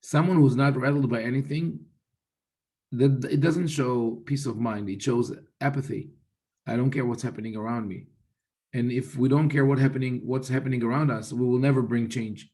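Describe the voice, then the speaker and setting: Steady and warm, a male voice of medium pitch belongs to a rabbi explaining sacred writings. He teaches slowly and thoughtfully, often beginning sentences again and citing Hebrew.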